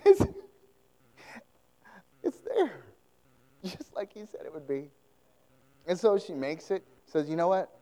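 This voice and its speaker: A man's voice: high voice, slow, long pauses, long reverb tail, rough recording. A man preaching a sermon, retelling a story with lots of laughter and acted-out voices. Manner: animated, laughing often, acting out scenes.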